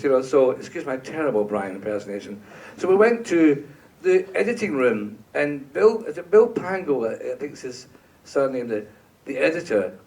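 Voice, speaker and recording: A man, a composer guest on a panel, telling an animated story on stage, laughing and acting out quotes. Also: fairly high pitch, moderate pace, distant mic, a little hiss or hum. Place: stage at an awards event.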